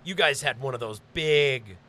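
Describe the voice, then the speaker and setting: A man hosting a podcast, telling stories in casual chat, animated and swearing freely. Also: mid-range voice, moderate pace. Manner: animated, swearing, laughing storyteller. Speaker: podcast host.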